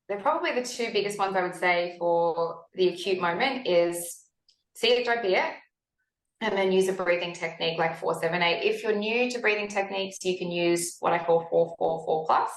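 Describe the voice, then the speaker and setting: A woman in her forties, a health practitioner, speaks as a guest in a conversational interview, telling lively stories and acting out what she used to think. Her voice is lowish and her pace normal, recorded in an echoey room.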